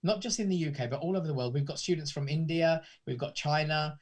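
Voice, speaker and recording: A man's voice: a little high, fast talker. A man from the UK, a guest in a casual interview, talking in a rambling way with many restarts. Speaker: guest, pantomime academy founder.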